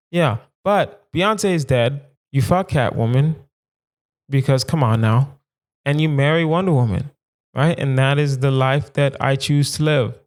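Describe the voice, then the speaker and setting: A young man hosts his own comedy podcast alone and talks straight into the mic. His voice is smooth and clear, at an ordinary pitch for a man, and he riffs with emphatic repetition. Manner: animated, emphatic riffing with repetition. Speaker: podcast host. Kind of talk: solo comedic podcast monologue.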